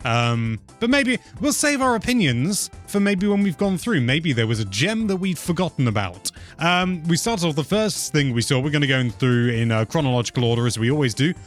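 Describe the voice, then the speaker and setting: A man's voice: a little high, brisk, faint music behind. A man hosting a casual, jokey chat about games. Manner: chatty, jokey, lively intonation. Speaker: host.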